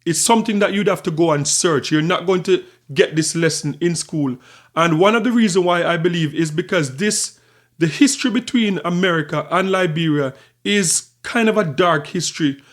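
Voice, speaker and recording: Higher-voiced man musing to camera. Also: moderate pace. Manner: talkative, repeats and restarts phrases. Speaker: channel host. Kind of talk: casual commentary to camera.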